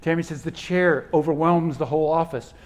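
A pastor delivers his sermon in a slightly raised male voice. He leans on repeated words and swings between loud emphasis and hushed asides. Homey anecdotes run through his preaching. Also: on the high side, fairly even intonation, fairly quick. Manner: folksy storytelling asides.

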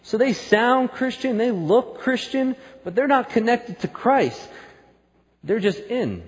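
A man preaching a sermon, telling a story that builds to loud, emphatic peaks. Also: very high-pitched, very animated, takes it slowly, in a large hall. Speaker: pastor.

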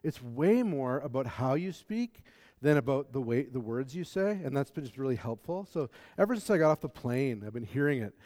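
A man's voice: expressive, moderate pace. A man preaches in an easy, conversational way, full of small fillers and corrections. His voice sits in the middle range. The sound carries the long reverb of a large church hall. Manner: conversational, with fillers and self-corrections, turning soft and low in prayer. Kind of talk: sermon with Scripture reading and prayer.

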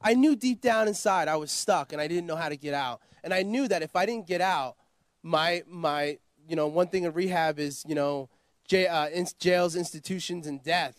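As an interview guest, a man tells a rambling personal story, repeating himself and leaning on "you know" and "like." His voice is a little high, the pace moderate, with no echo.

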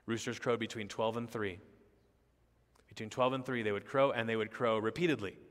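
Low-pitched male pastor, emphatic repetitive sermon delivery, long hall reverb. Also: fairly even intonation, a little fast.

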